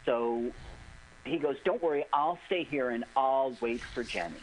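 A man's voice: mid-range voice, a little slow, rough recording. A man on a community radio show, chatting casually as he retells a movie's scenes and riffs on them. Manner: animated, retells scenes in quoted voices. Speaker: radio co-host. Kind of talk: casual movie riffing chat.

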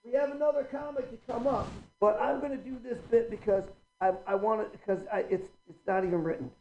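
A man's voice: extremely high pitch, brisk, a little mellow, dull audio, faint music behind. A man hosting a stand-up comedy show in a small room, rambling and profane, often cutting himself off. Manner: rambling, self-interrupting, profane.

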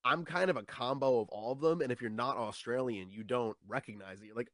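A young man talks casually as a comedian guest. He keeps his voice at an everyday middle pitch and often trips over his first words before the thought comes out. The sound is close and dry, with no room around it. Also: fairly quick, a bit bright, no echo. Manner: chatty, repeats words when starting sentences, acts out quoted voices. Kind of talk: casual interview chat.

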